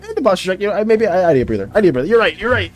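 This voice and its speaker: A man's voice: sits high, big pitch swings, rapid-fire, faint music behind. A man streaming while drawing, chatting casually with his audience in a dramatic, playful way and laughing often. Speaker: art streamer. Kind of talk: casual live-stream chat.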